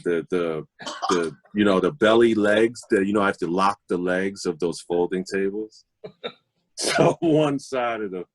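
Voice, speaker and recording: A middle-aged man, a guest DJ, telling stories casually, animated and confident, laughing often. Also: low voice, no room sound. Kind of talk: casual storytelling.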